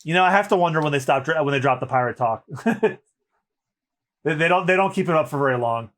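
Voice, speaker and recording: A man's voice: a little high, quick pace, a bit bright. A man co-hosting a podcast, narrating the action of a comic aloud with voices. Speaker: podcast co-host.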